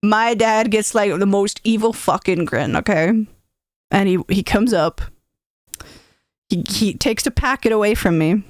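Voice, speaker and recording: A woman streamer telling a funny childhood story casually, animated and acting out voices. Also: medium pitch, a little slow, no room sound, studio quality.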